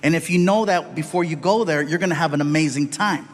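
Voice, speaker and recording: A man doing stand-up, telling stories in an animated way and acting out characters. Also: a little high, fast talker. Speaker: stand-up comedian. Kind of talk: stand-up storytelling.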